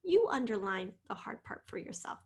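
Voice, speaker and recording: A woman teaching a spelling lesson, patiently sounding out letters and sometimes dropping to a soft whisper. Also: on the high side, sing-song, moderate pace, creaky, husky.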